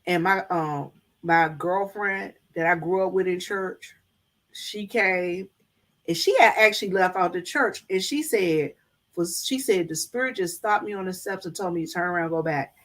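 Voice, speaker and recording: A middle-aged woman vlogger chats casually with her live viewers, calling them "y'all" as she tells folksy stories. Her voice is fairly low and her pace moderate.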